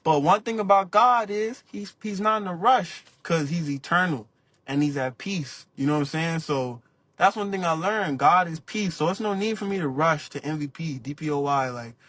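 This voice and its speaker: Animated young man, slightly high voice. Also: moderate pace. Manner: animated storytelling, acts out quotes; laid-back slang. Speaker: podcast guest, basketball player. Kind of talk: casual interview talk.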